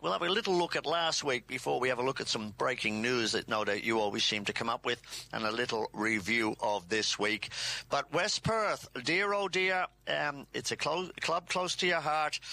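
Bright-voiced chatty host, Irish-Australian accent. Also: male voice, mid-range voice, vocal fry, no room sound. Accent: mixed Irish and Australian. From Ireland. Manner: chatty, rambling, enthusiastic. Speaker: radio sports show host. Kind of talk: casual radio chat.

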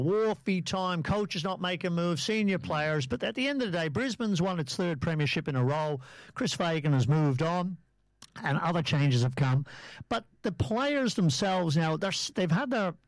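A man's voice: on the high side, lively intonation, normal speed, no room sound. A man hosting a casual talk show, chatty and rambling as he steers to new topics. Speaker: host.

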